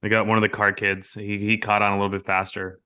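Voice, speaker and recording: In casual conversation, an American man with a lowish, smooth voice tells a prank story at a quick pace. He's an animated storyteller, loudly acting out what the people in it said.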